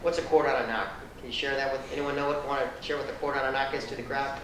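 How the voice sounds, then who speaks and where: A man giving an animated, conversational lecture, quizzing the audience and adding blunt, sarcastic asides. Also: medium pitch, fast. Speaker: guest speaker. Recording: echoey room, distant mic, faint noise.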